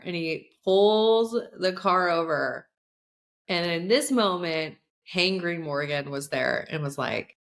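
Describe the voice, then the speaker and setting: A young woman hosts a podcast and tells a personal story in a chatty, animated way. Her voice sits on the lower side, and she speaks at a slow, unhurried pace. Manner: chatty, animated retelling with many "like" fillers. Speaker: podcast host and coach.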